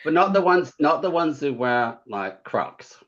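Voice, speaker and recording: A man's voice: fairly high pitch, very animated, measured pace, a bit bright, muffled recording. A man being interviewed as an author guest, telling witty anecdotes in a campy way and chuckling often. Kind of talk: casual interview chat.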